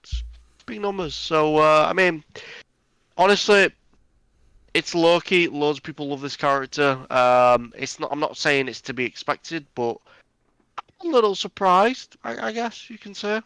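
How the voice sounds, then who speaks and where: A man with a bright, sharp tone gives blunt, dismissive takes as a podcast co-host. He often stumbles and restarts his sentences, and the sound is dry and close. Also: on the high side, a little slow, clear, resonant tone, dry recording, poor audio. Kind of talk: casual movie news chat.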